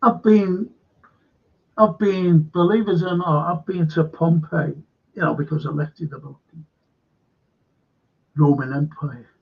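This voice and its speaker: Gravelly, husky man chatting. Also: fairly high pitch, lo-fi sound. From Liverpool. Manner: rambling, chatty, jokey asides. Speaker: host. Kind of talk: live fan chat show, reading chat questions.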